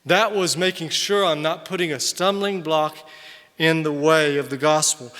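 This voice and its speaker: An older man, a missionary, giving an animated conference sermon, loud on emphasis and quiet in asides. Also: on the high side, moderate pace. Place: large hall. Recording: long hall reverb from a distance.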